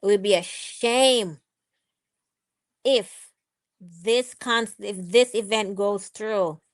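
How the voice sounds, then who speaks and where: A woman's voice: medium pitch, slow pace. A woman hosting a casual live stream, chatting with viewers, reading their comments aloud and cheering them on. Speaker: livestream host.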